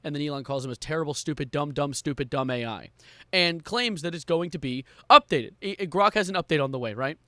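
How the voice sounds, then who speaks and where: High, bright-voiced male streamer. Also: a little fast, no echo, studio quality. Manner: jokey, laughs often, breaks into loud incredulous outbursts. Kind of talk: live stream commentary reading posts aloud.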